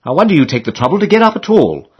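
A man's voice: fairly high pitch, big pitch swings, rapid-fire, breathy edge, lo-fi sound, pitched above the performer's own voice, exaggerated voice. A male reader voicing a grumpy, quarrelsome young man who snaps out peevish retorts.

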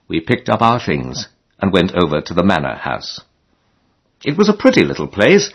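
A man's voice: sits low, wildly swooping pitch, normal speed, slightly rough. A man narrating a comic novel as an audiobook, in a wry storytelling manner.

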